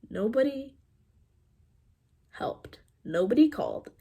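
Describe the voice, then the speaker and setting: A teenage girl telling a personal storytime in a chatty, animated way, full of "like" and quick laughs. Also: on the high side, husky. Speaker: vlogger. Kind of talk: storytime vlog.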